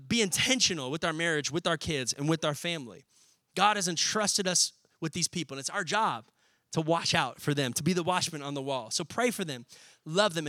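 Male pastor, high bright tone, casual preaching style with call-and-response, dry recording. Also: no room sound. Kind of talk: sermon.

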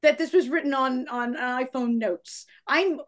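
A woman host with a high-pitched voice talks with a guest. She is effusive and enthusiastic, and she heaps praise in an easy, chatty way. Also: measured pace. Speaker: podcast host. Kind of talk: conversational interview.

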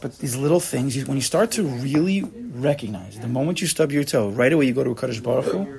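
A man's voice: medium pitch, quick pace, creaky. Guy giving a casual torah class, voice jumps up and down a lot, acts out little back-and-forths. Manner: animated, acts out little dialogues, frequent repeats.

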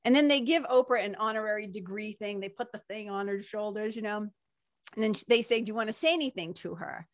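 A woman shares a story in a casual, heartfelt monologue, often saying "like" and "you know". She sounds emotional and close to tears at times. Her voice sits at an ordinary pitch and is recorded dry and close. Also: fast, dry recording. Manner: animated, emotional, many fillers like "like" and "you know"; breaks into laughter.

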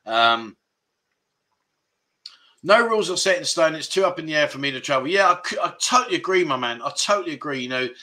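A man's voice: fairly high pitch, animated, fairly quick, long pauses, bright, forceful tone. A man hosting a casual livestream chat, reading out viewer comments and chatting about them. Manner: chatty, reads out chat comments, frequent fillers. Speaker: livestream host.

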